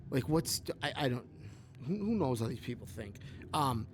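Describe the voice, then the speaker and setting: A man co-hosting a podcast in casual political chat, rambling and leaning on filler words. His pitch sits in the middle, with faint noise behind him. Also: lively intonation, normal speed. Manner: rambling, heavy use of "like". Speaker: podcast co-host.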